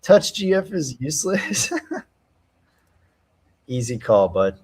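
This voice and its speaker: A young man hosting a casual live stream, trading slangy trash talk and cheering loudly at fight moments. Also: medium pitch, very animated, very slow, husky. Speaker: stream host.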